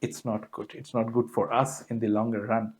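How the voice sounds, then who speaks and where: A man's voice: medium pitch, flat delivery, normal speed, darkish tone. Earnest man giving a spiritual talk. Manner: earnest storytelling with frequent fillers. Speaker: guest speaker.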